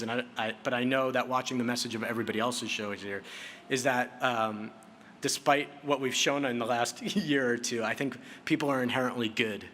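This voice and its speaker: A bright-voiced man in his late thirties speaks at a podium on an awards stage. He tells a heartfelt story, stumbling over fillers and restarting his sentences. A faint hiss of room noise sits behind him. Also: medium pitch, steady tone, normal speed. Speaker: award recipient giving a speech. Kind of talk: acceptance speech.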